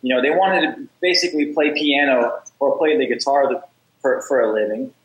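Energetic man with a roomy echo. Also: mid-range voice, brisk. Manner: energetic, repeats words when starting sentences. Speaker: podcast guest, startup founder. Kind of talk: casual interview talk, storytelling.

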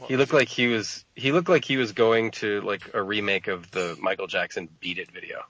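A man's voice: on the low side, fairly even intonation, moderate pace, fairly bright tone. A man co-hosting a casual sports podcast, rambling and hesitant with frequent restarts. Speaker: podcast co-host. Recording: dull lo-fi, dry sound.

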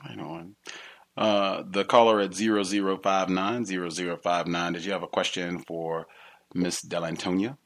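A man's voice: sits low, flat delivery, normal speed, a bit bright. A man hosting a call-in radio show, bringing callers on briefly and in a businesslike way. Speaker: host.

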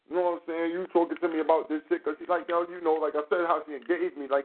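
A man with a high speaking voice tells his story with swearing and acted-out back-and-forth, animated the whole way. The sound comes through a thin, phone-like radio line. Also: fast, few pauses. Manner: animated, profane, acts out dialogue. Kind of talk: casual radio talk, storytelling.

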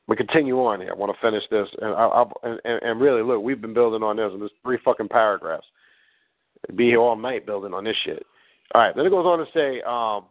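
A man's voice: fairly low pitch, quick pace. A man hosting a talk and teaching in a blunt, preachy way, swearing as he goes. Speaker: host. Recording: tinny phone-like line.

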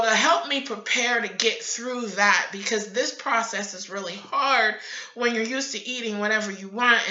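A woman's voice: medium pitch, sharp tone. A middle-aged woman hosting a faith broadcast from her home computer, telling a personal story in an open, confessional way. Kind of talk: candid personal sharing. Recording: echoey room, muffled lo-fi audio.

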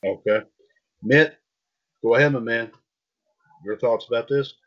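A man's voice: mid-range voice, fairly bright tone, dull audio. A man hosting a casual wrestling talk show, asking his co-hosts questions and often restarting his sentences. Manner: halting, many restarts and fillers. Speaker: podcast host.

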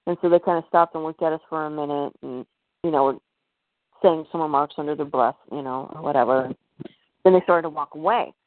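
A woman's voice: deep voice, brisk, no echo. A woman as a podcast guest, telling a personal story in a hesitant way, full of fillers and restarts. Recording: tinny phone-like line.

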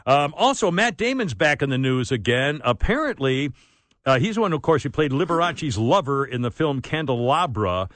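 A man's voice: mid-range voice, big pitch swings, normal speed, fairly bright tone, no room sound. A man hosting a radio talk show, bantering casually and laughing often.

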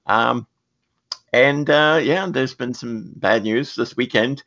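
A man's voice: medium pitch, slow pace, vocal fry, fairly bright tone. A man co-hosting a podcast in casual chat, reading the news and laughing often between lines. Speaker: podcast co-host. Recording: dull lo-fi sound.

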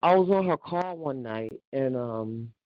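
An older woman on a casual phone call, telling an animated, indignant story and acting out the back-and-forth of what was said. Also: extremely low pitch, unhurried, no echo. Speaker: caller.

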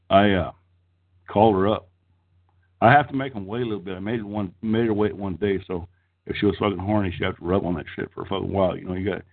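A middle-aged man telling a crude, rambling story in casual chat, swearing freely and laughing as he goes. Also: low voice. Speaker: storyteller on a podcast. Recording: tinny phone-like line, husky.

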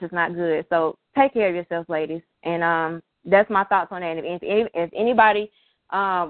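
A woman turning thirty, speaking emotionally and haltingly with many fillers, close to tears. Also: lowish voice, dry recording, narrow, tinny audio. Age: 20s. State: tearful, emotional. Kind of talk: emotional personal talk.

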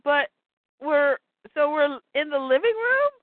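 A woman's voice: high voice, very animated, measured pace, voice pushed up. An anxious, earnest young male hero with a raised, questioning voice, as a woman reads him aloud. The sound is thin and phone-like, with a dry, close feel and no room echo. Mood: puzzled. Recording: tinny phone-like line, dry.

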